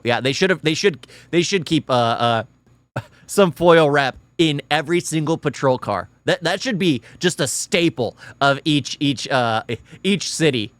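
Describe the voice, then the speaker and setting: A man's voice: a little high, animated, unhurried, fairly bright tone. A man hosting a reaction video and commenting on a clip in a sarcastic, exasperated way. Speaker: reaction channel host.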